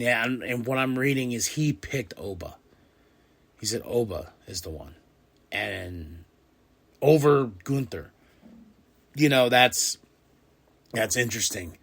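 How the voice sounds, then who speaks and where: Male podcast host, mid-pitched voice, casual and excitable recap that bursts into animated retelling. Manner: fillers and restarts.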